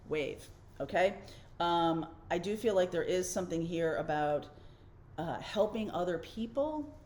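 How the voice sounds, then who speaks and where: A woman with a somewhat low voice talks through a tarot spread in a relaxed, conversational way. She reassures the listener and thinks aloud, dropping in fillers and little check-ins. She sounds middle-aged and at home hosting her own channel. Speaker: tarot reader and channel host. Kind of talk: casual tarot reading.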